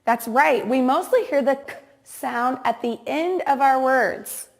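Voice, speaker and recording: A woman teacher with a fairly high voice leads a reading lesson for small children. She speaks very slowly, drawing out each word with careful, exaggerated enunciation. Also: gravelly. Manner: slow, exaggerated word-by-word enunciation with repeat-after-me prompts. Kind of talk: slow, deliberate reading lesson for young children.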